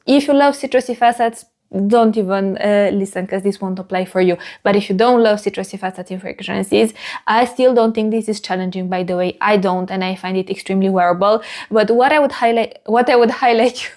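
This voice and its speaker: A woman's voice: on the high side, a little mellow. A woman giving a casual vlog review of a fragrance, chatty and descriptive, with many fillers.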